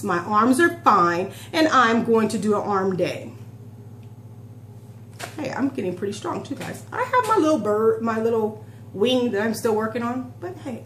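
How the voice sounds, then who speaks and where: A woman in her forties chatting openly to camera in a vlog, emotional and close to tears, often restarting her sentences. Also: mid-range voice. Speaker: vlogger. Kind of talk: casual talk to camera. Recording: echoey room with faint hum.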